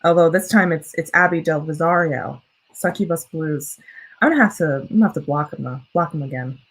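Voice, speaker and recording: A woman's voice: low voice, a little fast, breathy edge, rough recording. A young woman hosting a casual livestream, chatting with viewers and reading their comments in a rambling, self-correcting way. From United States. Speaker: livestream host and student writer.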